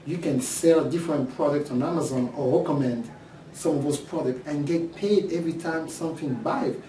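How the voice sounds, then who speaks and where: French-accented man pitching an online course. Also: moderate pace, roomy sound, recorded from a distance, slight background noise, poor audio. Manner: animated, acts out imagined questions from students. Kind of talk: course preview talk to camera.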